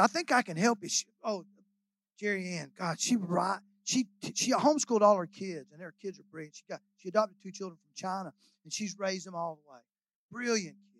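Folksy older preacher, dry sound. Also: male voice, sits high, fairly bright tone, no echo, rough recording. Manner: folksy, emotional, wandering storytelling with many hallelujahs and amens. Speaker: guest pastor. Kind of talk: sermon.

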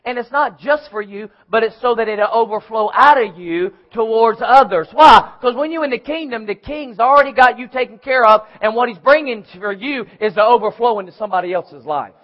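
A man with a very high voice preaches an emphatic sermon, calling back and forth with his congregation. The church recording sounds muffled and lo-fi. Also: fairly quick, hardly any pauses. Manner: emphatic preaching with call-and-response.

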